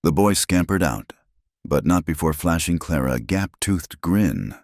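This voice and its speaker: A man reading a frontier romance story aloud in a measured, dramatic narrating voice. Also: deep voice, expressive, gravelly, darkish tone, no echo, studio quality.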